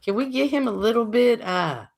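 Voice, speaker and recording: A woman's voice: fairly high pitch, expressive, normal speed, creaky. A woman co-hosting a casual streamed panel chat, laughing often and teasing the others. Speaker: co-host of a live streamed panel.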